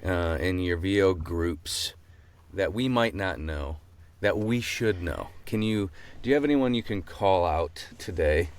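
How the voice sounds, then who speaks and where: Lively, teasing male podcast co-host. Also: sits low, a little slow. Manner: playful, teasing, laughs often. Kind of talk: casual chat.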